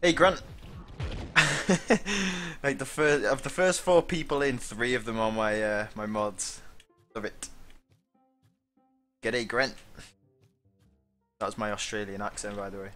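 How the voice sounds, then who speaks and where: A man's voice: on the low side, steady tone, moderate pace, bright, forceful tone, faint music behind. A man streaming a game live and chatting casually, greeting viewers by name and laughing often.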